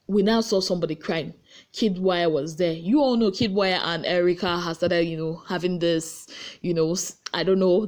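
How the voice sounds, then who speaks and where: A Nigerian woman recapping reality-show gossip late at night, tired but lively, acting out what people said. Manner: animated storyteller, acting out quotes with big pitch jumps. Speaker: gossip vlogger. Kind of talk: casual chatty recap. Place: her room at home.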